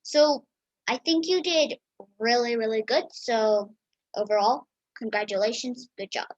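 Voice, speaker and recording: A woman's voice: fairly high pitch, measured pace, no room sound, highs cut off. A woman judging a speech tournament, handing out friendly praise with many ums over a video call. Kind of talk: casual spoken feedback.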